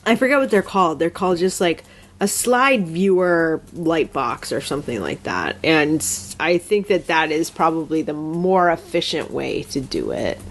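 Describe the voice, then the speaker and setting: A woman's voice: low voice, lively intonation, normal speed, a little hiss or hum. Chatty woman podcast co-host. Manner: chatty, enthusiastic, lots of fillers. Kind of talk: casual chat.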